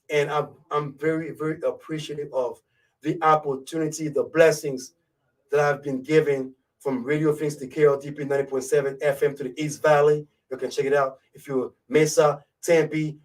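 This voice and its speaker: On the high side, this man's voice comes from far off the mic in a low-quality recording. He's a laid-back radio host from Côte d'Ivoire, thick French accent and all, doing a live show. Casual throughout, he keeps checking in with listeners and keeps saying "you know what I'm saying."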